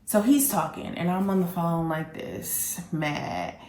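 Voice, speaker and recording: A woman hosting a candid storytelling vlog, telling her story in an animated, blunt way and speaking straight to her audience. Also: on the low side, slow, roomy sound. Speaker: vlog host.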